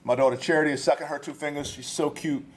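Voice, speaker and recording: A man giving a storytelling sermon to college students, casual and slangy, animated as he tells stories from his family life. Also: on the high side, fast talker. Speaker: guest speaker at a campus ministry. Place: live talk to students.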